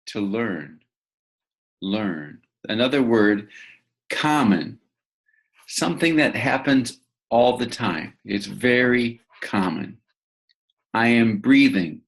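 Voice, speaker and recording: A man's voice: mid-range voice, lively intonation, takes it slowly, creaky, pauses often. A man teaching vocabulary to young learners, patiently repeating words and asking the listener to say them back. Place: room with a bed, indoors.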